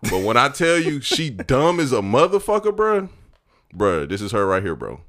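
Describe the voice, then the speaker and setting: A man co-hosting a casual podcast chat, an animated storyteller full of slang. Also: mid-range voice, moderate pace, no echo, clean studio sound. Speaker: podcast co-host.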